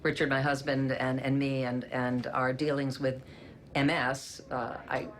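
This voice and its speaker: A woman's voice: rumbling low, flat delivery, a little slow. A woman journalist recalling an interview experience, hesitant and thoughtful. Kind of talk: reflective interview answer.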